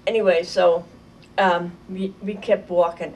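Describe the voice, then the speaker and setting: An older woman from Germany telling a vivid, halting story from her childhood in an oral history interview. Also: fairly low pitch. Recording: distant mic with faint noise.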